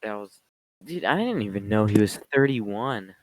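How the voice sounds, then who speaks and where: Lowish man with blunt, exasperated quips. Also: expressive, normal speed, dry recording, rough recording. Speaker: podcast guest. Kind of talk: casual chat.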